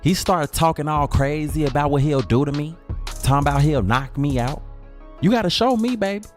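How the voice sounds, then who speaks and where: Give me a man putting on a high-voiced, hot-tempered, foul-mouthed mother for a comedic storytelling skit. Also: moderate pace, soft background music, natural voice. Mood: cocky. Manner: brash and profane, swinging from cocky to screaming rage.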